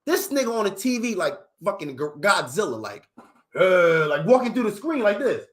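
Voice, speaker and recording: A young man tells a story in loose, profane street talk. His voice sits fairly high and swings widely as he acts out what others said, jumping between his own lines and theirs. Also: sing-song, normal speed. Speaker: vlogger telling a story to live viewers. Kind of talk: casual storytelling.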